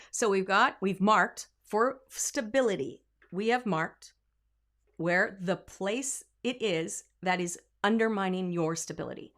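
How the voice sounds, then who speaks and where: A woman vocal coach giving a singing lesson, breaking into sung example lines and dropping to quiet asides. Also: fairly low pitch. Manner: demonstrative, sings example lines; drops to asides and quiet comments.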